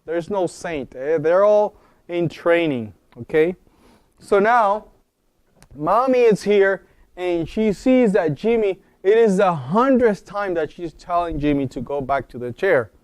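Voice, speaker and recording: A man's voice: high-pitched, animated, unhurried, a little mellow, clear, resonant tone, no echo. A man teaching a wellness class in an informal, explanatory way and often checking in with his audience. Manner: explanatory, asks the audience questions. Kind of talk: informal lecture. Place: wellness center talk.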